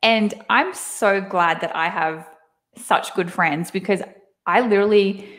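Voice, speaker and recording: A woman's voice: mid-range voice, a little slow. A woman in her thirties with an Australian accent, a guest chatting casually from home over a video call and laughing often. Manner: laughs often, animated storytelling. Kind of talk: casual chat.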